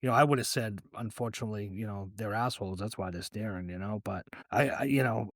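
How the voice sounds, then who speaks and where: A man hosting a podcast interview, relaxed and affirming, filling his questions with "you know". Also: lowish voice, quick pace, no echo, clean studio sound. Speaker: podcast host.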